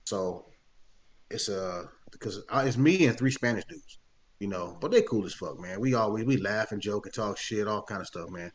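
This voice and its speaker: A man telling a story in casual podcast chat, animated and profane, acting out the voices of the people in it. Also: fairly low pitch, normal speed.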